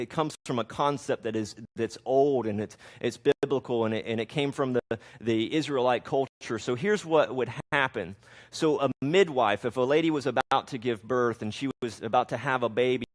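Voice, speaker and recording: A man in his thirties, a pastor, preaching a conversational sermon on parenting and reading scripture aloud, with frequent restarts. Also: medium pitch.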